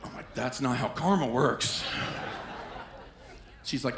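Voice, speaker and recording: A man's voice: medium pitch, measured pace, vocal fry, long pauses, noisy background. A man performing a stand-up comedy set on a club stage, telling stories and acting out quoted voices. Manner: animated storytelling with quoted voices. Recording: echoey club with faint ambience.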